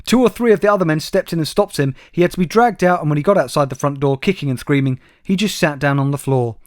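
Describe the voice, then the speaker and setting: A man's voice: a little high, fast talker, no room sound. A man co-hosting a comedy podcast, reading out news stories with dry, wry asides. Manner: dry, wry delivery, addresses co-host by name. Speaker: podcast co-host.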